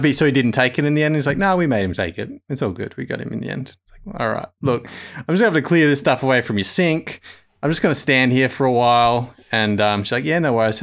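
A man in his thirties spins a rambling, self-deprecating story as a casual podcast host. His pitch sits in an ordinary middle range, and he keeps breaking into laughter as he goes. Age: 30s. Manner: rambling, animated, self-mocking, laughs often.

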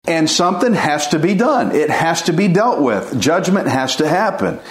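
A man preaching an informal sermon, earnest and pleading, with folksy chuckles. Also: a little high. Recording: echoey room.

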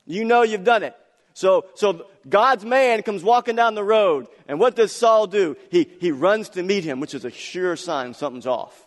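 Man, middle-aged pastor, animated sermon, somewhat high voice, long hall reverb. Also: normal speed. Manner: animated preaching, acts out quoted voices.

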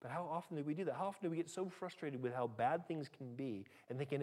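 Dynamic preaching man, higher voice. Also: fast talker, hardly any pauses. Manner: dynamic preaching, pitch and volume rising sharply when reading scripture aloud; drops to a soft, low, intimate voice for application. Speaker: pastor. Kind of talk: sermon.

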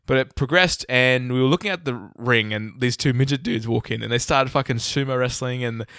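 A man's voice: mid-range voice, no room sound, studio quality. A young Australian man telling a rowdy, swear-laden travel story in casual podcast chat. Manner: fast, swearing, animated anecdote telling. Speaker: podcast guest.

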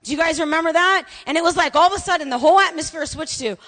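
Woman pastor with a high voice, lively storyteller who shouts at the peaks, sermon in a large echoing church hall. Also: very fast. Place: church sanctuary. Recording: long reverb of a large hall.

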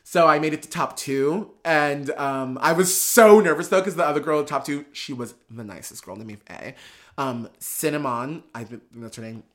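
A podcast guest and drag performer telling a casual story, animated and full of filler words and restarts, laughing and swearing along the way. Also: medium pitch, moderate pace. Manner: laughs while talking.

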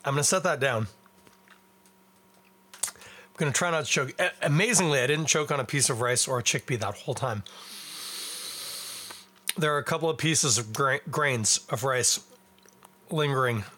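Bright-voiced Canadian man, rambling podcast chat. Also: medium pitch, normal speed, long pauses. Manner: rambling, self-deprecating, chatty while eating and drinking. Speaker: podcast host. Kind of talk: casual solo podcast chat.

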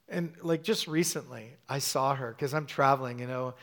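A man's voice: mid-range voice, normal speed. A middle-aged male pastor preaching a sermon with stories, calling out to the congregation, with many fillers and restarts. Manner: animated, call-and-response, many fillers and restarts.

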